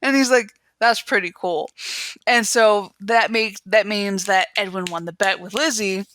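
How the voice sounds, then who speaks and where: A young woman co-hosting a podcast, casually recapping a TV episode with giggles and quick quoted voices. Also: medium pitch, fairly even intonation, fairly bright tone, dry recording. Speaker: podcast co-host. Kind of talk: casual chat about a TV show.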